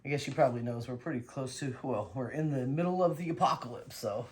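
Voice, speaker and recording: A woman vlogging casually while she paints, excitable and talking to herself and her dog. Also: very deep voice, fast talker. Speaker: acrylic pour painting vlogger.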